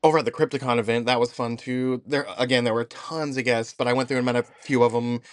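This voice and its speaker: A man's voice: mid-range voice, fairly even intonation, fast. A man hosting a casual podcast chat, telling stories with enthusiasm and laughing often. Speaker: podcast host.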